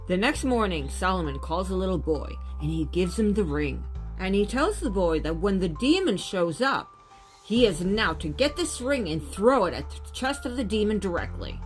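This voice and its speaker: A woman retelling an ancient legend in a casual, animated way with modern asides. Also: medium pitch. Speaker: storyteller.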